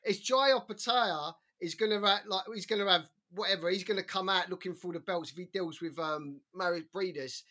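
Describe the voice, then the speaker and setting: A man co-hosting a boxing podcast, talking in an animated, slangy way with plenty of swearing. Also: sits high, fairly quick, hardly any pauses. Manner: animated, swearing, slangy, quotes others in put-on voices. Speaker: podcast co-host. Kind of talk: casual podcast chat.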